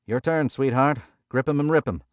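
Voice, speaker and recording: A man's voice: medium pitch, moderate pace, dry recording, clean studio sound, pitched above the performer's own voice, lightly acted. A man doing a brash casino stickman. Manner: shouting casino calls.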